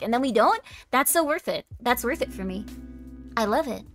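A woman's voice: high-pitched, animated, normal speed, a bit bright, faint music behind. A woman streamer chatting casually with her live chat, bubbly and self-deprecating, with lots of giggles and "like.". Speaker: VTuber streamer.

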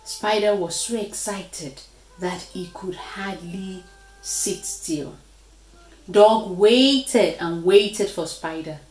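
A woman reading a storybook aloud to children in an expressive read-aloud voice. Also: mid-range voice, slow, echoey room, faint music behind, rough recording.

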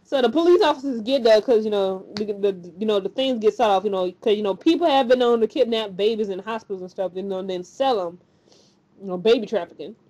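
A woman casually recapping a TV episode, talking in an animated, chatty way with lots of fillers and acted-out quotes. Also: medium pitch, fast talker, muffled recording. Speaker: TV recap host.

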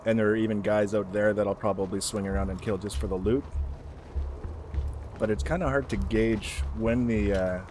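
A man's voice: lowish voice, fairly even intonation, normal speed, darkish tone, a little hiss or hum. A man giving casual let's-play commentary as he plays, making wry, joking asides. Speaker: gameplay commentator.

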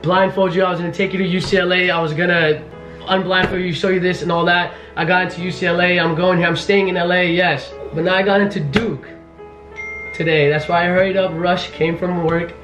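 A young man in his twenties talking fast as a vlogger, frantic and pleading with nervous laughs. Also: high voice, level tone, roomy sound, over music. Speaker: vlogger, law student. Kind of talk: casual vlog talk.

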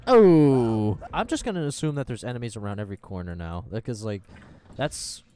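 A young man commentating his own game as he plays, reacting loudly with panicked yelling, curses and laughter. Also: on the low side, sing-song, fast talker. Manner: loud, jumpy reactions, swearing and panicked yelling. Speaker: gaming YouTuber. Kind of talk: let's play commentary.

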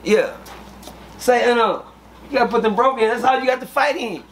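High-voiced man telling prison tales. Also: a little fast, slight background noise. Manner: profane, animated, acts out quoted dialogue. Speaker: interview guest telling prison stories. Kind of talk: casual storytelling.

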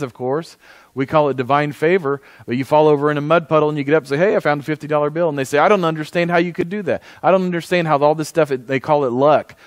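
A man's voice: on the high side, no echo. A man preaching a conversational sermon as pastor, often asking the congregation for an amen. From United States.

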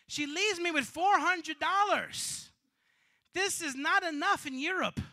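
High, bright-voiced preaching man. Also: measured pace, vocal fry. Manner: animated storytelling, bursts of shouting. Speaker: bishop preaching. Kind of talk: sermon with a story.

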